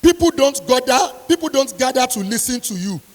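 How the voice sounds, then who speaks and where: A woman's voice: high-pitched, expressive, brisk. A woman university lecturer giving an emphatic motivational speech to an audience, repeating her key lines sternly. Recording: long hall reverb.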